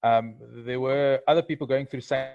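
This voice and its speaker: A man's voice: medium pitch, fairly even intonation, normal speed, a little mellow, dry recording. A man co-hosts a video call interview and speaks thoughtfully, with many restarts. The audio is dry and dull. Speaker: co-host.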